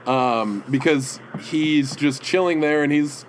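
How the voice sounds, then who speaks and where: A man co-hosting a podcast in casual chat, telling halting, rambling stories full of restarts. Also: fairly high pitch, slight background noise, poor audio. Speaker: podcast co-host. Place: indoor room with comic prints.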